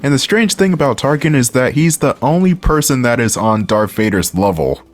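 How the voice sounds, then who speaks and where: A man's voice: medium pitch, lively intonation, moderate pace, a little hiss or hum. A man with a Philadelphia accent giving casual, wry gameplay commentary as a let's-play host, joking to himself and swearing now and then. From Philadelphia area. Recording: voice over faint game music.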